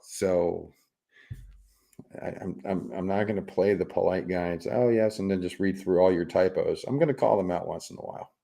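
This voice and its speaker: A middle-aged man with a low voice hosts a laid-back livestream, reading chat aloud in a loose, rambling way. His tone is rough and gravelly, and he teases viewers and chuckles often. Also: moderate pace, warm tone. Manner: rambling, teasing, chuckles often, repeats words. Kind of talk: casual chat.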